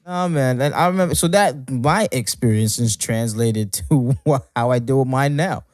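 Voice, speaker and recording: A man co-hosting a podcast tells stories in an animated, casual rant full of profanity. His voice is medium-pitched at a normal speed, and the recording is clean studio sound with no echo.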